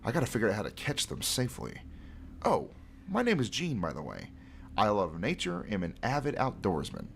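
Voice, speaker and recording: A man's voice: on the low side, wildly swooping pitch, brisk, gravelly, slight background noise, full character voice. A man voicing a male outdoorsman who camps alone in his van, reading forum posts aloud in a put-on accent. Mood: amazed.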